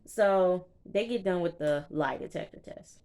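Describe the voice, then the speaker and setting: Young woman, low-pitched, casual reality TV recapper, chatty and animated. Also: unhurried, clear, resonant tone. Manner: chatty, animated retelling with quoted reactions. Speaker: TV show reviewer.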